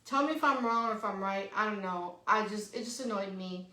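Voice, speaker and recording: A middle-aged woman co-hosting a podcast, telling a story in a lively, casual way, swearing freely and tagging "right?" onto her sentences. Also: mid-range voice, a little fast. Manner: animated, swears freely, says "right?" often. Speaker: podcast co-host. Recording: echoey room.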